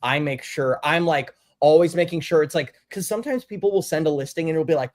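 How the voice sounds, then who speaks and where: Brief: man, fairly high voice, casual storyteller who acts out the quotes. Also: quick pace, hardly any pauses. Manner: animated, acts out quotes with big pitch swings.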